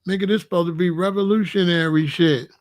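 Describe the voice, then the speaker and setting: A brash man from the United States, talking in a high register. He delivers a boastful, confrontational street-talk rant full of profanity. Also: steady tone, quick pace. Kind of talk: animated profane monologue.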